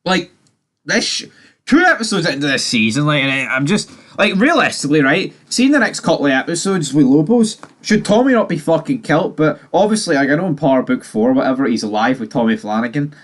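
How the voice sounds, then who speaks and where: A man's voice: a little high, big pitch swings, fairly quick. A man giving a casual, profanity-heavy TV recap, opinionated and mocking. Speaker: TV series recapper.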